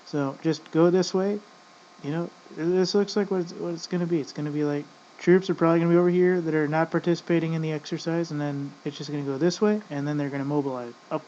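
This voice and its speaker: A man's voice: on the high side, steady tone, fast talker, warm tone. A man in casual ranting commentary, rambling and profane, often addressing "folks". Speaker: vlogger. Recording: dull lo-fi audio with faint noise.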